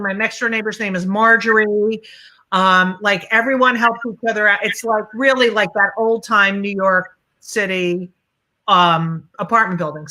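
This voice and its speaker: A woman comedian telling a comic story in an animated way. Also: medium pitch. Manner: animated, acts out voices, many fillers. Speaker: comedian guest.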